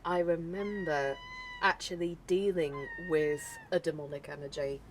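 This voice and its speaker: A woman's voice: deep voice, steady tone, unhurried, background noise. A woman who works as a medium, talking as a podcast guest in a chatty storytelling way. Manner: chatty storytelling, repeats phrases. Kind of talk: casual conversation.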